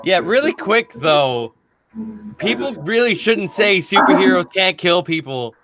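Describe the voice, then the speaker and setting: A man's voice: high voice, animated, moderate pace, loud music behind the voice. A man chatting casually with friends in a rambling, loose way, often laughing. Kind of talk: casual chat among friends.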